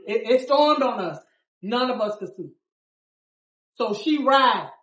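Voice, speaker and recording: A woman biker recounts her road trip to a small group, dramatic and full of acted-out quotes, dropping from loud to hushed. She sits at a distance from the mic, and the room rings around her. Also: on the high side, animated, slow, echoey room, lo-fi sound. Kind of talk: animated storytelling in a group interview.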